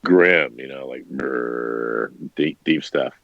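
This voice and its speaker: Male player, deep voice, jokey, dull dry recording. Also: normal speed, fairly bright tone, no echo. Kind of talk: playing a tabletop game.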